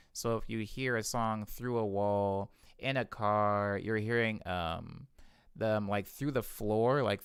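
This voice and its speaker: A man's voice: lowish voice, clear, resonant tone, no room sound, clean studio sound. A man, a music producer, explaining his vocal chain step by step in a casual tutorial, stopping now and then to correct himself. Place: home music studio.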